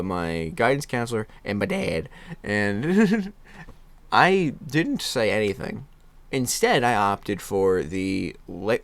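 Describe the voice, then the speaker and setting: A man's voice: lowish voice, dry recording. A man in his twenties telling a candid personal story about his childhood, laughing at himself often and restarting his sentences. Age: 20s. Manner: self-deprecating, laughs often, many restarts. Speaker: podcast host.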